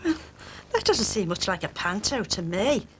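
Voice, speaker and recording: An actress playing a kindly widow who is easily thrilled. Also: female voice, mid-range voice, very animated, normal speed, slight background noise, close to an everyday voice. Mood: eager. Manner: warm-hearted, easily thrilled. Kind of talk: TV soap acting.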